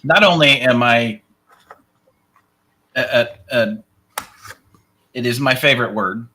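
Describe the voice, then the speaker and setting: A man's voice: medium pitch, takes it slowly, sharp tone, slight background noise. A man hosting a paranormal talk show, enthusiastically cueing up and replaying audio clips. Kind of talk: casual chat.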